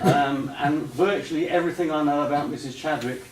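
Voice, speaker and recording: A man's voice: on the high side, normal speed, hardly any pauses, crowd noise. Hesitant man lecturing in a roomy hall. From United Kingdom. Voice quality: hesitant, many ums and uhs. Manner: relaxed, gently humorous. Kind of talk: presentation talk with slides. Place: retreat lecture room with audience. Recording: roomy echo, distant mic, faint hiss.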